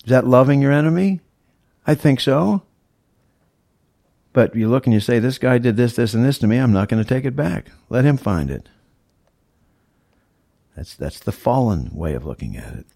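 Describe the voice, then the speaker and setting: A man's voice: medium pitch, animated, normal speed, vocal fry, pauses often, mellow, no room sound, studio quality. A male pastor preaching a sermon, teaching verse by verse in an emphatic, explaining way. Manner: teacherly, emphatic, walks through scripture verse by verse.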